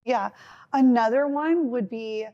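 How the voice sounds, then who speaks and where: A woman's voice: fairly high pitch, measured pace, dark tone, muffled recording. A young woman co-hosting a podcast with her mother, rambling through personal stories with frequent giggles. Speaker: podcast co-host. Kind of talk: casual chat.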